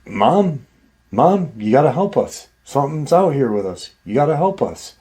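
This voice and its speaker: A man's voice: mid-range voice, big pitch swings, moderate pace, warm tone, pitched above the performer's own voice, lightly acted. A man voicing a frightened young boy calling out to his mother for help from the woods. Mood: panicked pleading. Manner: frantic pleading, raised voice.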